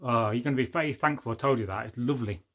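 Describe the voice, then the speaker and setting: A man's voice: medium pitch, very fast. A middle-aged man from England, casually chatting on a livestream, reading out viewer comments with jokes, rambling asides and frequent laughs. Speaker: livestream host.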